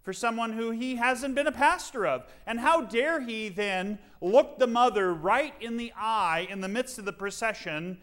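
A man preaching a sermon as pastor, dramatic and full of rhetorical questions, leaning on slow, emphatic pauses. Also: extremely high pitch, lively intonation, fairly bright tone.

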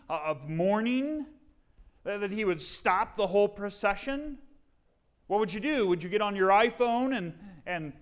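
A man preaching a sermon as pastor, dramatic and full of rhetorical questions, leaning on slow, emphatic pauses. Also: high voice, fairly bright tone.

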